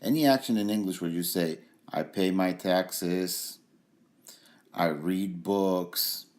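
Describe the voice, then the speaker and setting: A man explaining language points as a trainer, relaxed, slowly repeating example phrases with fillers. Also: deep voice. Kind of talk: instructional explanation.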